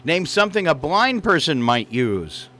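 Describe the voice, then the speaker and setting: A man's voice: a little high, sing-song, moderate pace, pushed and bright, slight background noise. A man hosting a morning radio show from a studio mic, teasing his co-host with jokey asides and frequent chuckles.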